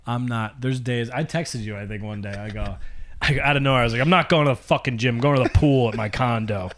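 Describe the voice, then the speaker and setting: A man's voice: medium pitch, fairly quick. A man co-hosting a podcast, teasing his partner with loose, jokey banter. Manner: teasing, jokey, drops to mumbles. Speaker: podcast co-host. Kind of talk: casual comedic chat.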